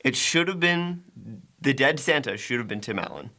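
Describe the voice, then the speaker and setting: A man chatting casually on a movie podcast, his voice bright and forceful. His pitch swings widely as he talks, and he rambles, often cutting off his own sentences to start them again. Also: moderate pace. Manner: rambling, animated, self-interrupting. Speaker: podcast co-host. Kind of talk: casual movie review chat.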